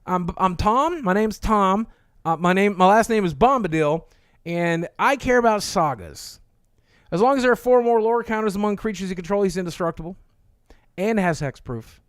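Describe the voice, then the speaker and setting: A man's voice: high-pitched, moderate pace, smooth, no echo, clean studio sound, close to an everyday voice. A man doing a jolly ancient bard. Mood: cheerful. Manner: cheery, rambling self-introduction.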